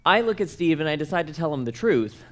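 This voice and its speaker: A man's voice: on the high side, big pitch swings, fast, fairly bright tone. A young man, speaking at a workshop and telling comic personal stories in a playful, self-mocking way, acting out the dialogue.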